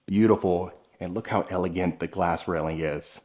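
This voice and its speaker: A man's voice: low voice, fairly even intonation, normal speed, darkish tone. A man hosting a walking home tour vlog, speaking to viewers with upbeat enthusiasm while filming.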